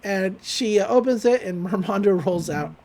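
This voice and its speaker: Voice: mid-range voice, moderate pace, a little mellow, slight background noise. Rambling casual podcast recapper. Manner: rambling, quotes characters with "he's like"; frequent fillers, laughs while recounting. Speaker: podcast co-host recapping a cartoon episode. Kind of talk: casual chat.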